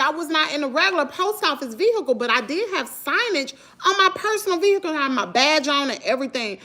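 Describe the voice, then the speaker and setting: A middle-aged woman with a Southern US accent, telling a story to her viewers in an animated, chatty way. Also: sits high, fast talker, hardly any pauses. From Mississippi, US. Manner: animated, talks to viewers as "y'all". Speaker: vlogger. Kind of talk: casual storytelling.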